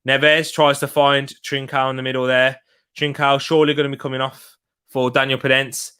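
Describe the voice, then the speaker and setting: A young man doing live watch-along commentary of a football match, reacting loudly to chances and chatting to viewers. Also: medium pitch, level tone, moderate pace, clear, resonant tone.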